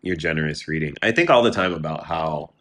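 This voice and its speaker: Deep voiced guy, poet in an interview, thinks out loud, lots of restarts. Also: a little fast. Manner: thoughtful, searching, with restarts. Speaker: poet guest. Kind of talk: interview talk and poetry reading.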